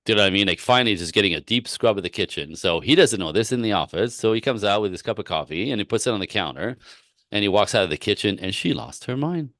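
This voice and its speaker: A man working as a relationship coach, giving advice in a live-stream Q&A with animated, rambling storytelling and frequent laughs. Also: on the low side, quick pace, dry recording, clean studio sound.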